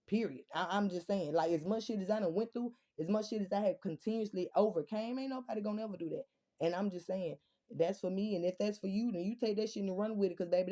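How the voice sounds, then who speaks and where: A woman's voice: mid-range voice, dark tone. A woman, talking straight to her viewers in a casual monologue, blunt and profane, firing off rhetorical questions. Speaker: vlogger.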